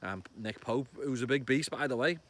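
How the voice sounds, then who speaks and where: A man in his thirties with a Liverpool accent, chatting excitedly outdoors about a football match, swearing and bursting into loud shouts. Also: medium pitch, normal speed. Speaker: football fan vlogger. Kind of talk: casual match reaction vlog. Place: outdoors among trees.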